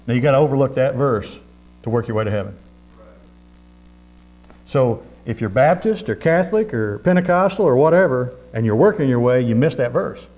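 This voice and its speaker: A man's voice: medium pitch, a little mellow, poor audio. Preacher guy, folksy sermon, lots of amens, bit of mains hum behind him.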